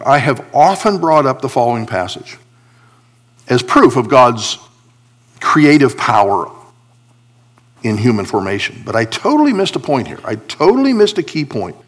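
Animated man preaching a sermon. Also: mid-range voice, normal speed, pauses often. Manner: animated preaching, rising for emphasis, dropping to a confiding hush; explains Hebrew words from scripture. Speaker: pastor.

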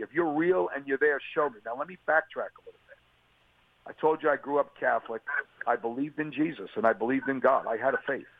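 A man's voice: medium pitch, creaky, no echo. A man, an interview guest, giving an earnest and emotional personal testimony on a radio call. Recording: tinny phone line, dry.

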